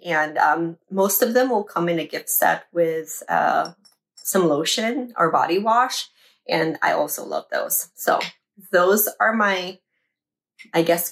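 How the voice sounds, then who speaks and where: A woman in her thirties chatting casually as she reviews products, with plenty of ums and pauses. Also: fairly low pitch, fairly bright tone. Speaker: beauty vlogger.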